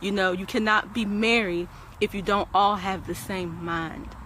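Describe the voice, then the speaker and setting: A woman's voice: mid-range voice, steady tone, measured pace, fairly bright tone, a little hiss or hum. A woman talking casually on a livestream, preachy and emphatic, speaking straight to her viewers and repeating words as she starts sentences. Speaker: guest on a livestream talk show. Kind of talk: casual opinionated livestream talk.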